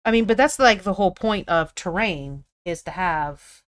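A chatty American woman hosting a painting stream, her voice smooth and clean and pitched a little low. She thinks aloud and laughs easily as she talks through her work. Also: expressive, moderate pace. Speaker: miniature painting stream host. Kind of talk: casual live-stream chat.

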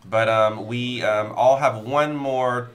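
A man's voice: medium pitch, fairly even intonation, takes it slowly. A man hosting a live board game session, joking with the table and explaining the rules and what comes next. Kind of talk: casual chat while playing a board game.

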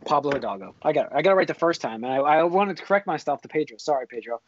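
A man's voice: a little high, lively intonation, very fast, no echo. A man hosting a casual podcast chat, rambling and stumbling over names as he goes. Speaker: podcast host. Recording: slightly dull lo-fi audio.

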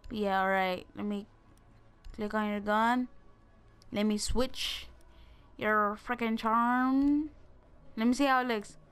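A young woman giving casual, excitable gameplay commentary, joking and talking straight to her viewers. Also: a little high, slow, long pauses, smooth. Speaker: gaming video creator.

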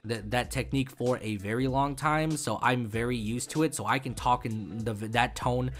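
A man's voice: medium pitch, moderate pace, faint music behind. A man in his twenties hosting a casual gaming tutorial, rambling and profane, with frequent stumbles and fillers. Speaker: YouTube gaming host.

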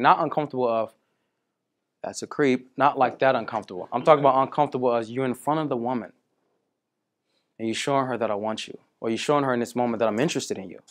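Male dating coach, casual lively storyteller, mid-range voice. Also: medium pitch. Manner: animated storytelling, acts out quoted women. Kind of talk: coaching talk to a student.

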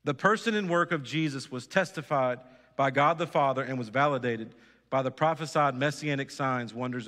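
A man's voice: medium pitch, fairly bright tone. A pastor preaching a sermon, earnest and exhorting, putting direct questions to his congregation. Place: church sanctuary. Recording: church hall reverb.

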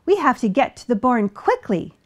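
A woman's voice: fairly high pitch, sing-song, moderate pace. A woman voicing a brave, bossy male farm dog who talks in a barking, commanding way for a children's storybook.

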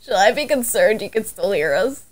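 A woman's voice: medium pitch, animated, moderate pace, close to an everyday voice. A woman playing a flustered, nerdy young woman who stammers and giggles in a casual roleplay. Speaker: roleplay player.

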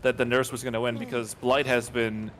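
A man's voice: medium pitch, flat delivery, fairly quick, crowd noise. A man co-casting a tournament live, explaining game mechanics and strategy in an analytical way. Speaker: esports co-caster and analyst. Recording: clear background noise on the mic.

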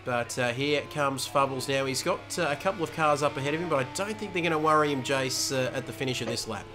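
A man doing energetic, chatty play-by-play commentary for a sim racing league stream, talking into a headset. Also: medium pitch, fast, music in the background. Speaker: race commentator.

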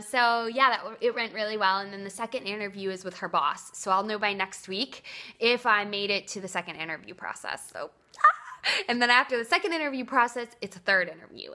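A young woman vlogging to camera at home, chatty and excitable, with lots of "like" fillers. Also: medium pitch. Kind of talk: casual talk to camera. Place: at home, indoors.

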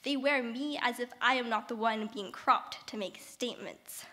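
Wry teenage girl performing slam poetry. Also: on the high side. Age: teens. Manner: wry, vivid, measured delivery, slipping into hushed whispers. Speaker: slam poet. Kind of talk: spoken word poetry performance. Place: theater stage, live.

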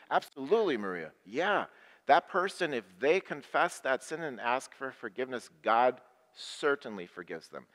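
Pastor leading repeat-after-me prayers. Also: male voice, fairly low pitch, a bit bright. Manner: leads call-and-response prayers, repeating phrases; asks questions of people in the room. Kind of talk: sermon to a live and online congregation. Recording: long hall reverb.

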